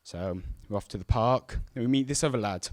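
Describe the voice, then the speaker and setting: A young man telling a true story on stage, animated and self-mocking as he acts out the scenes. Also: medium pitch, fairly quick, no echo, studio quality. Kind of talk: live storytelling to an audience. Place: stage at a live event.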